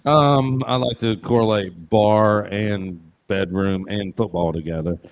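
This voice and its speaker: A man's voice: fairly low pitch, unhurried, vocal fry. A man co-hosting a casual football picks show, joking and rambling with punchy asides. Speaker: show co-host. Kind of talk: casual sports betting chat.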